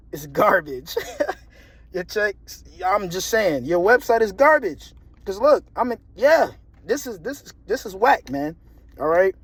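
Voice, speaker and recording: A young man telling a story in a casual monologue, animated and slangy, repeating himself and laughing often. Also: high-pitched, no room sound. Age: young adult. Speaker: vlogger.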